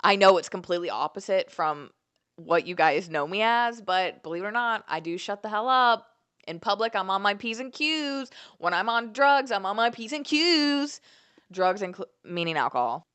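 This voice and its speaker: A young woman vlogger telling a story in an animated, profane, candid way. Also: medium pitch, moderate pace, clean tone. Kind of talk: storytime vlog.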